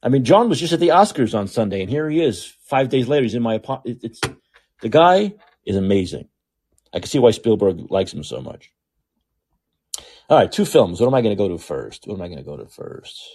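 A man hosting his own podcast, talking alone in a sarcastic, animated monologue that swings from loud outbursts to muttered asides. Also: mid-range voice, a little fast, breathy edge. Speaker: podcast host. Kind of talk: opinionated monologue.

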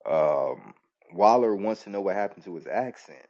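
Very low-voiced man, rambling recap. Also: expressive, normal speed, gravelly, darkish tone. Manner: rambling, self-correcting storytelling. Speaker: podcast host. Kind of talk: casual wrestling show recap. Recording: dull, lo-fi call-in audio.

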